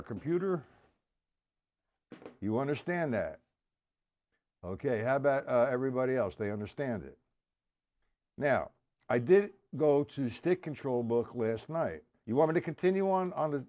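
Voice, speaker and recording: A man teaching drums on a live stream, counting the beats out loud and making gruff, cussing asides to his viewers. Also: medium pitch, expressive, moderate pace, long pauses. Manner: counts beats aloud loudly, gruff asides and mild swearing. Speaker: drum teacher. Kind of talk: live-streamed drum lesson.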